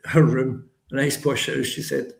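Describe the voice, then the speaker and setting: An older man with a Lanarkshire Scottish accent, a musician telling animated stories as a guest in a casual chat. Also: mid-range voice, moderate pace, vocal fry. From Lanarkshire, Scotland. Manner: animated storyteller, acts out others' voices. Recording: roomy echo.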